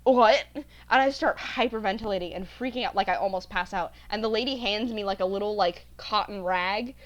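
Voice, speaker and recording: A woman's voice: medium pitch, a little fast, lo-fi sound. A young woman co-hosting a casual podcast chat, telling stories with lots of quoted back-and-forth and voices for the people in them. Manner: animated storytelling, acting out quoted voices. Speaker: podcast co-host.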